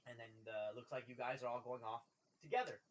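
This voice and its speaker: A man's voice: mid-range voice, brisk, low-quality recording. A man narrating a tabletop game as game master in a loose, casual way, often laughing.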